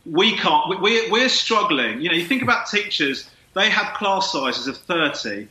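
A man speaking casually, halting and restarting often. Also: sits high, very animated, bright, forceful tone, roomy sound, poor audio. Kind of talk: casual chat.

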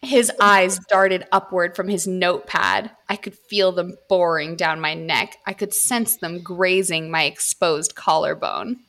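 A woman podcast host reading erotic fiction aloud, steady in her reading and joking between passages. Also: fairly low pitch, a little slow, hardly any pauses. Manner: reads steadily, breaks off to joke.

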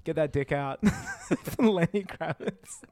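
Giggly man with a high voice. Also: slow, darkish tone, no room sound. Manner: giggly, joking, riffing on silly voices. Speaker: podcast co-host. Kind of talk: casual comedic banter.

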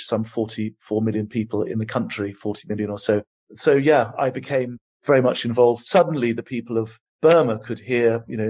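A man's voice: mid-range voice, a little mellow. Older man, passionate interview guest. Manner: passionate, emphatic, measured. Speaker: guest, human rights advocate. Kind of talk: interview answers, storytelling. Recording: dull lo-fi audio.

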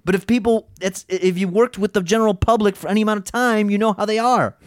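Animated man telling a workplace story. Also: high-pitched, fast, few pauses, no echo, studio quality. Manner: animated storyteller, swears, acts out other people's voices. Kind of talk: casual storytelling chat.

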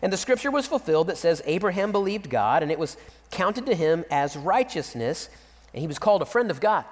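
Male pastor, sermon delivery, high-pitched and animated, church hall reverb. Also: fairly quick. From Central Texas. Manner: animated preaching, reading scripture and acting out quotes.

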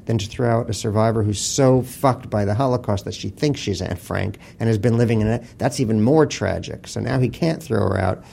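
Gravelly low-voiced man, blunt and wry. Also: brisk, few pauses, mellow, a little hiss or hum. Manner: blunt, profane, wry storytelling. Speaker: author guest. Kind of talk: casual interview talk.

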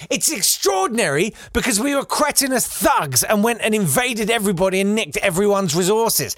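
A man's voice: sits high, big pitch swings, moderate pace, few pauses, a bit bright, no room sound, studio quality. A man delivering a satirical comic monologue, full of sarcastic, mocking asides. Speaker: comedian.

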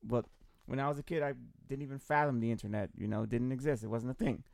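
A man's voice: mid-range voice, fast talker, vocal fry, darkish tone, no echo, studio quality. A middle-aged man talking animatedly in a casual discussion, laughing often and swearing freely. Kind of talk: casual chat.

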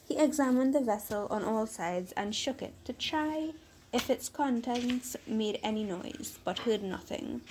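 A woman hosting a podcast, reading a fairytale aloud in a measured, unhurried storybook manner. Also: fairly high pitch, expressive, background noise.

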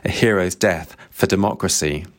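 A man's voice: sits low, moderate pace, close to an everyday voice. A man reading the lines of a cold, sardonic older male narrator in a dry, cutting way. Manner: dry, cutting, passive-aggressive.

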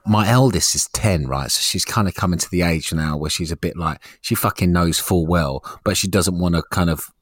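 A man in his thirties chatting casually as a podcast co-host, relaxed and swearing freely as he tells stories. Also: sits low, normal speed, hardly any pauses, dry recording, clean studio sound. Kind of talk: casual chat.

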